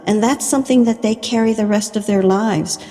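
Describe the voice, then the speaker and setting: A woman hosts a podcast and affirms her guest, reflecting on and summarizing what was said. Her tone is mellow and dark, with a long reverb on the recording. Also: mid-range voice, fairly quick. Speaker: podcast host. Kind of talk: conversational podcast interview.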